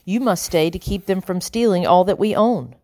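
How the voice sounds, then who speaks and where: A woman voicing a stern, panicked colonial gentleman who gives curt orders as he flees arrest. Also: fairly low pitch, normal speed, dry recording, natural voice. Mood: urgent. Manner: curt, commanding.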